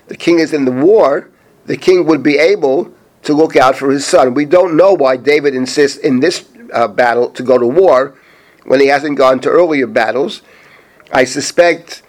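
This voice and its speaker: A middle-aged man, a rabbi, teaching a Bible chapter, reading Hebrew verses slowly and then translating and explaining them. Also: medium pitch. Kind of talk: spoken Bible lesson.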